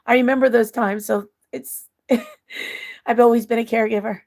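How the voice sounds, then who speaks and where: A middle-aged woman hosts a casual livestream and reads viewer comments aloud, answering them one by one. She laughs and cries at the same time as she talks. Her voice is a little high, with a gravelly, creaky edge. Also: fairly even intonation, moderate pace, darkish tone. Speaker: livestream host reading chat. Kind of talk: casual emotional livestream chat.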